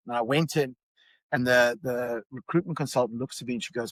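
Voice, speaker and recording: A man's voice: medium pitch, fairly quick, no echo, poor audio. A middle-aged man from South Africa, a podcast guest, telling a personal story with many fillers and restarts. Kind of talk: storytelling in conversation.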